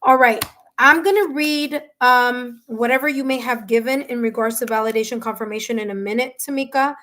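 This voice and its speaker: A woman reading tarot live for her viewers, talking warmly and emotionally, with many fillers and restarts. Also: fairly high pitch, fairly quick. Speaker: tarot reader and medium. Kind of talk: live-stream reading, casual chat with viewers.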